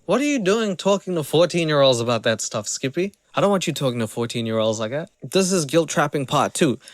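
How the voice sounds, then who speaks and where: A man streaming a reaction video, commenting in a mocking, animated, casual way. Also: fairly high pitch, fairly quick, no echo.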